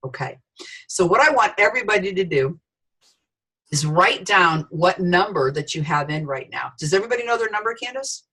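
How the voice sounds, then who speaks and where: A middle-aged woman giving an animated sales training talk, telling stories with voices for the people in them. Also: lowish voice, normal speed, breathy edge, poor audio. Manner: storytelling, lively quoted voices.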